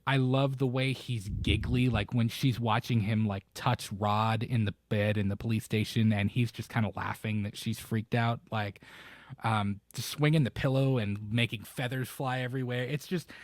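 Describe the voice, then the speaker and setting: Male co-host in casual movie talk; lively storyteller who jumps into character voices, medium pitch, dry recording. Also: moderate pace, no echo. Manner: animated, acts out quoted lines with sudden high or low voices. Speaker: podcast co-host. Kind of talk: casual chat about a film.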